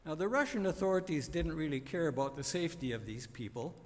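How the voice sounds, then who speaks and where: A man's voice: on the high side, lively intonation, fast talker, big-room sound. A man preaching a sermon on a psalm, emphatic and building to repeated refrains.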